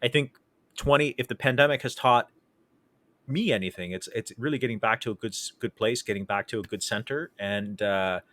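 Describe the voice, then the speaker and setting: Bright, emphatic male podcast host. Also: lowish voice, fairly quick, no room sound. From Canada. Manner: emphatic, repeats phrases. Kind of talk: casual interview chat.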